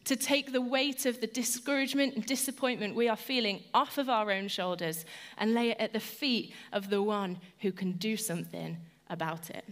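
A woman giving a Christian devotional talk, earnest, personal and conversational. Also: fairly high pitch. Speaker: Christian speaker.

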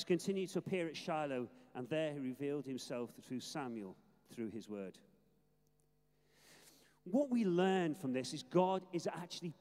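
Older man, retired minister, sermon, earnest and emphatic, somewhat high voice, long church reverb. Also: a little mellow. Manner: earnest, emphatic, with hesitant restarts. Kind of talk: sermon with scripture reading.

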